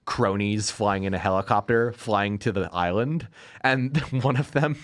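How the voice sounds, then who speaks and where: A man's voice: on the low side, a little slow. A man hosting a podcast, chatting casually about movies in a sarcastic, ranting way and laughing often. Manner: lively, animated delivery. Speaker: podcast host. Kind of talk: casual movie review chat.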